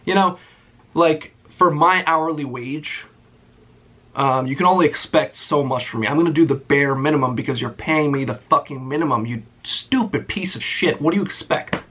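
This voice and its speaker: A man's voice: a little high, normal speed, pushed and bright. A young man telling a work story as a casual, profane and sarcastic rant. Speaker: vlogger.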